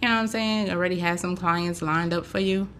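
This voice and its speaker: Speaking fairly quickly, a Haitian woman hosts a casual chat show in a loose, chatty style crowded with fillers. Her pitch is fairly low, her intonation fairly even, and her tone fairly bright. She works as a podcast host and braider, and slight background noise is audible.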